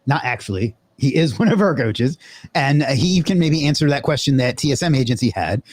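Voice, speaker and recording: A man's voice: medium pitch, expressive, fairly quick, darkish tone, dry recording. A man hosting a live webinar in a loose, casual way, swearing now and then and using lots of fillers. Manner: loose and profane, with many fillers. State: out of breath.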